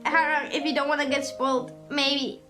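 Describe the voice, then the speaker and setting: A woman's voice: high-pitched, little pitch movement, moderate pace. A young woman streaming, chatting casually with her viewers, rambling and swearing freely with lots of fillers. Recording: music playing under the voice. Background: music in the background.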